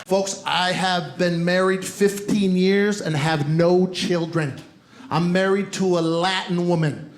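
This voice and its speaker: Slow, punchy male comic. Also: high voice, fairly even intonation, background noise. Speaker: stand-up comedian. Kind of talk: stand-up comedy. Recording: club recording with loud crowd.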